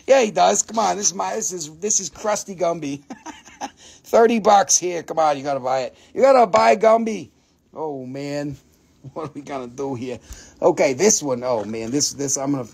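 A man hosts a live stream sale in a joking, excitable way, swearing freely and laughing often. His voice sits high with a gravelly fry. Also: normal speed, a little hiss or hum. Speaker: host selling minerals. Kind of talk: live stream sales chat.

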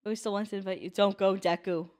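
A young woman casually reacting to an anime episode at home on a headset mic, animated, laughing a lot and swearing casually. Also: medium pitch, fast, faint music behind. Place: large open downstairs room at home.

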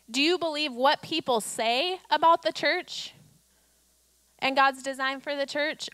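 A woman pastor preaching with a slightly high voice, her talk easy and conversational before it swells into emphatic declarations. The sound is dry and close, with no room echo. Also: a bit bright. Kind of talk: sermon.

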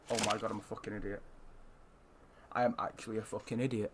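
A young man giving casual, excitable gameplay commentary, swearing often and shouting when surprised. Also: fairly low pitch, quick pace, noisy background. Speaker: gaming YouTuber.

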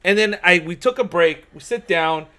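Bright, lively high-voiced man. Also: moderate pace. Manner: animated, laughs through his stories. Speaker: podcast co-host. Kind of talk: casual storytelling chat.

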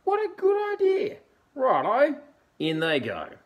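A man's voice: very high voice, wildly swooping pitch, slow pace, voice pushed up, heavily acted. A man voicing a scheming male dingo cook in a storybook, boastful and sing-song. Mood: gleeful.

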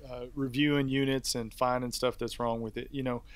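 A man's voice: mid-range voice, level tone, brisk, no room sound. A man co-hosting a review podcast, talking in an easygoing, rambling way with many fillers. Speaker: podcast co-host. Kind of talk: casual review chat.

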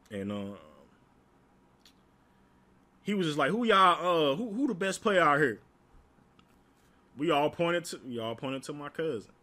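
A young man from Alabama in the United States tells profane stories full of laughter, keeping it casual like a storytime. His voice sits a little high, with a bright, forceful tone.

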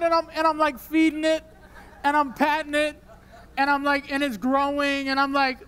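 High-voiced young man preaching. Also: moderate pace. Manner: animated, emotional preaching that drops to a soft prayer. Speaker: pastor. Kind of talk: sermon. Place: church worship service.

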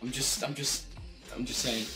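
A man's voice: mid-range voice, steady tone, moderate pace. A young man hosting a casual video, jokey and rambling with lots of ums. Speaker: YouTuber host. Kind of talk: casual chat. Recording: echoey room with background music.

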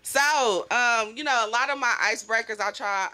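Woman, podcast host, bright and a bit high, casual slang, quick to laugh. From Kansas City area. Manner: loose, slangy, laughs often.

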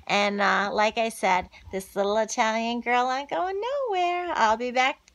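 A woman vlogger signing off to her viewers, effusive and preachy, repeating herself warmly. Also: on the high side, measured pace. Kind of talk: casual religious vlog sign-off.

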